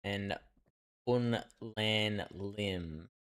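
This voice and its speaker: A man's voice: fairly low pitch, very slow, a bit bright. A male streamer giving live commentary on a game, thinking aloud and reasoning through clues.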